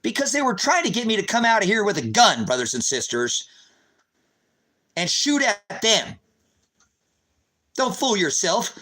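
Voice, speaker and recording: A man delivering an impassioned, agitated monologue to his viewers, calling them brothers and sisters, sometimes rising to a loud, high-pitched telling. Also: big pitch swings, measured pace, pauses often, rough recording. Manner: grows loud and high when recounting the raid. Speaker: street preacher vlogger.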